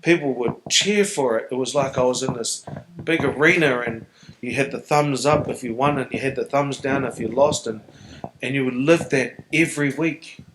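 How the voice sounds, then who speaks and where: A man's voice: medium pitch, moderate pace, noisy background. A middle-aged man from New Zealand with a New Zealand accent, speaking earnestly and reflectively as a guest in a live stage Q&A. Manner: earnest, reflective, emotionally open. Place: on stage before an audience.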